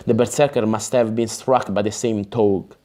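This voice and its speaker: A man reading a fantasy novel aloud as an audiobook narrator, careful and measured, sometimes restarting a word. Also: lowish voice, steady tone, warm tone.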